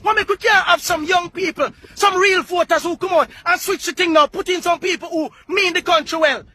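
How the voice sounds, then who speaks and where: A Jamaican man with a very high, bright, forceful voice launches into a fiery political rant. He often breaks into shouting and hammers his points home by repeating words. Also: steady tone, a little fast, slight background noise. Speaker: political activist.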